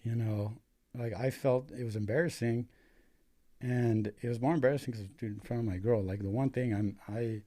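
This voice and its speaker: Dark-voiced man telling a war story. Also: mid-range voice, fairly even intonation, normal speed. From United States. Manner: profane, filler-heavy, says "dude" a lot. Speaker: paramedic and podcast guest. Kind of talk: casual storytelling interview.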